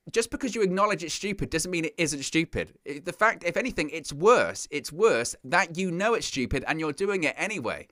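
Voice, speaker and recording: A man's voice: on the high side, fairly quick, no echo, clean studio sound. A man hosting a wrestling news show, giving casual, exasperated and opinionated commentary. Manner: exasperated, ranting, animated.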